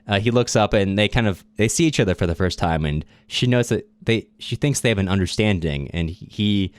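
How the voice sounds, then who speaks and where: A man's voice: lowish voice, a little fast, dry recording. A man co-hosting a casual literature podcast, retelling a plot loosely with fillers and chuckles. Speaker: podcast co-host.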